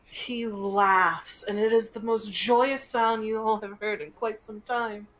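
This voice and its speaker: A woman game master narrating a tabletop game in a slow, gentle storytelling manner. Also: medium pitch, fairly even intonation, a little hiss or hum, rough recording.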